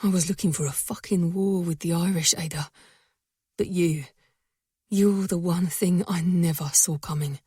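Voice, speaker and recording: A woman voicing a dangerous but tender young mafia man in an audiobook, speaking low and intense, often in a whisper. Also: fairly even intonation, normal speed, mellow, breathy edge, no room sound, studio quality.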